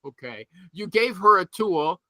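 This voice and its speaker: A man hosts a loose panel chat over a video call. His voice sits high and sounds sharp and forceful, with a dry, close sound. He needles his guests with teasing questions. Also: lively intonation, measured pace, no echo. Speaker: host.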